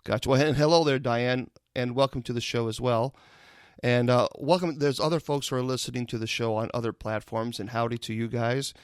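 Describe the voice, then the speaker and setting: A man hosting a live show, reading listener comments aloud and reacting with loud exclamations. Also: medium pitch, steady tone, a little fast, clean tone, no echo, clean studio sound. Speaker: host.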